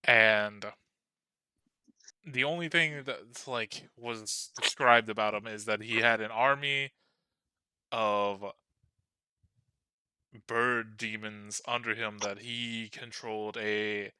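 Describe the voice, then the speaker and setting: Reluctant thieves-guild woman, foul-mouthed, bright edge; male game master doing the voice. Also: fairly low pitch, fairly even intonation, slow, long pauses, clear, resonant tone, dry recording, full character voice, low-quality recording. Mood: explaining. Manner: grudging, swears under her breath. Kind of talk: improvised tabletop role-play.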